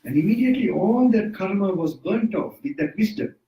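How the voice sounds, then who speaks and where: A man leads an informal Buddhist talk in someone's home. His voice is mellow and sits a little high, with restarts and frequent small chuckles. The mic is set back from him in a room that echoes. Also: expressive, a little fast. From Sri Lanka. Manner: loose, self-correcting, chuckles often. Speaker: Buddhist monk teacher. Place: indoors at a private residence. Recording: roomy sound, mic at a distance.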